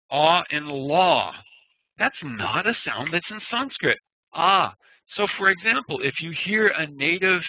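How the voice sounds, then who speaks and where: A man teaching an online class, speaking slowly and patiently and demonstrating sounds aloud. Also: fairly high pitch, no room sound. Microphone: computer mic on a video call. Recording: dry, tinny web-call audio.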